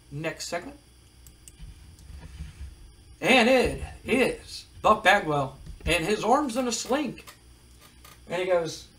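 A man with a high, fairly bright voice casually recaps a wrestling management game on a low-quality recording. As game commentator, he gives play-by-play, reading out match scores with wry asides.

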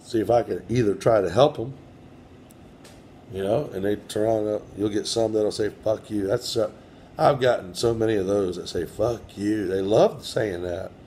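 A man's voice: fairly low pitch, moderate pace, warm tone, slight background noise. A man in his own house running a spirit box session, speaking casually with blunt, profane defiance and talking back to whatever he hears. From United States. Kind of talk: casual talk to camera and to spirits.

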